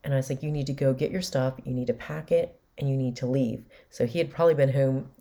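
A woman's voice: very deep voice, steady tone, fast talker, dark tone. A woman in her forties candidly and emotionally retelling a family story with quoted dialogue, as a podcast host. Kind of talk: personal storytelling.

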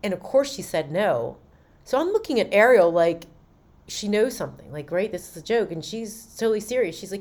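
A woman's voice: mid-range voice, animated, a little fast, a little mellow. A woman hosting a podcast, animatedly telling a personal story and recounting conversations. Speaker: podcast host.

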